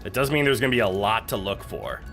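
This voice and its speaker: A man with a lowish voice streams a survival game casually at a quick pace over soft background music. Animated and joking, he swears and chats with his viewers as well as his pet.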